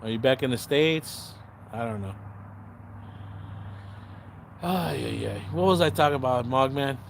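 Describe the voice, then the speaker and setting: A man's voice: medium pitch, measured pace, gravelly, slight background noise. A man hosting a casual livestream, chatting to viewers in the comments, sarcastic and rambling, swearing freely and often losing his train of thought. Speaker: livestream host.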